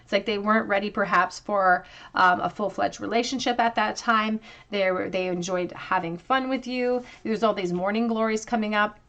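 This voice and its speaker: A woman's voice: mid-range voice, fairly even intonation, moderate pace, fairly bright tone. A woman giving a pick-a-card tarot reading to her viewers, earnest and reflective, drawing out key phrases for emphasis. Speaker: tarot reader.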